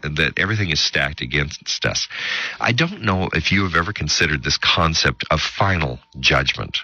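A man hosting a radio Bible teaching show, speaking emphatically with long dramatic pauses and quick asides. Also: low voice, sharp tone, breathy edge, dry recording, muffled recording.

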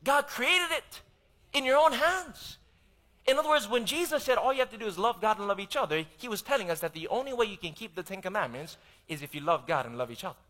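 A man preaching a sermon, emphatic and urging the congregation to say amen, swinging between loud and soft. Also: high-pitched, big pitch swings, rapid-fire, few pauses.

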